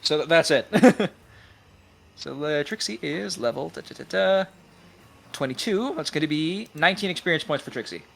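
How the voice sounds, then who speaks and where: A man's voice: on the high side, animated, normal speed, creaky, fairly bright tone. A man running a tabletop game as game master, casual and laughing often.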